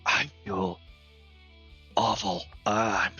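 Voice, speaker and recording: A man's voice: fairly low pitch, steady tone, extremely slow, sharp tone, breathy edge, muffled recording, soft background music, heavily acted. A man doing a tipsy, giggly dancer. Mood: confiding. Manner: slurring, confiding, giggly.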